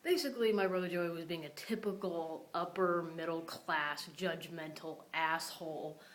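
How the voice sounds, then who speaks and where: A woman's voice: on the low side, moderate pace, fairly bright tone, low-quality recording. A young woman vlogging casually, upset and venting about a family fight, swearing freely. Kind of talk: casual vlog rant.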